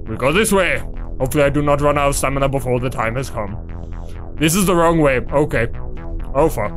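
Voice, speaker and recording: A man giving theatrical, excitable horror game commentary, swearing a lot and playing along with his in-game character. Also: mid-range voice, a little fast, soft background music. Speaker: let's play gamer.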